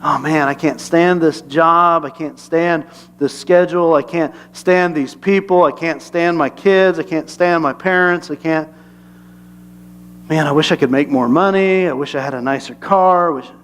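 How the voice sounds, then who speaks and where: A man voicing a discontented modern grumbler who complains slowly and sulkily. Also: on the high side, fairly bright tone, long reverb tail, a little hiss or hum, lightly acted. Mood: sulky.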